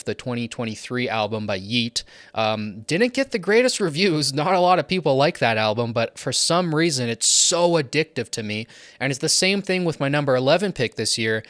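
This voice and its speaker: A man's voice: medium pitch, expressive, moderate pace, fairly bright tone, no echo. Enthusiastic male music reviewer, dry sound. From not English. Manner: enthusiastic, conversational with frequent fillers. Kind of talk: album ranking commentary.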